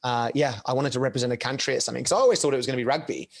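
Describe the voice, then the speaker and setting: A man in his forties, a podcast guest telling rambling, animated stories with quick laughs, on a close, dry microphone. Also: mid-range voice, creaky, dry recording. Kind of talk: casual storytelling chat.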